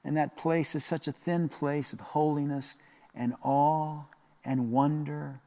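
A man preaching a sermon in a slow, reflective way, repeating phrases and pausing often. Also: fairly high pitch, steady tone, mellow, long reverb tail. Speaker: pastor.

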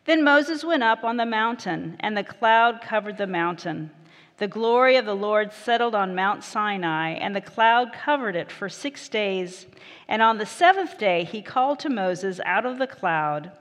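A woman pastor reading scripture and preaching a sermon, in a measured, gentle way. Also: medium pitch, animated, big-room sound.

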